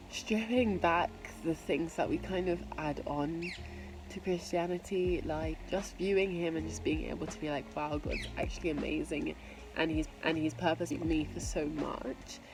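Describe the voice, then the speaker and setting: Young woman vlogger, casual and filler-heavy, slightly low voice, music playing behind. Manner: relaxed and chatty, with many fillers. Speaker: vlogger and podcast host. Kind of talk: casual vlog chat. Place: home kitchen and garden.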